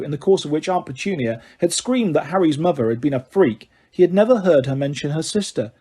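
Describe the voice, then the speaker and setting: Male audiobook narrator, measured, husky mellow tone. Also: on the high side. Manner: measured storytelling. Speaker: audiobook reader. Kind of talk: novel narration.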